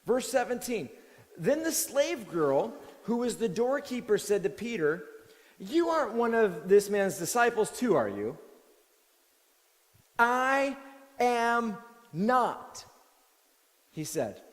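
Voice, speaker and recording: A male pastor delivers a sermon in a loose, conversational way, often restarting his sentences. His voice sits high for a man. The sound carries the long reverb of a church hall. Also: a little slow. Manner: conversational, animated, with many restarts.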